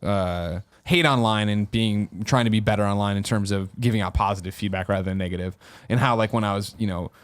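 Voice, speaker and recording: A man co-hosting a podcast in casual chat, talking in a rambling way that often stops and restarts mid-sentence. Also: fairly low pitch. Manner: rapid, rambling, self-interrupting. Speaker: podcast co-host.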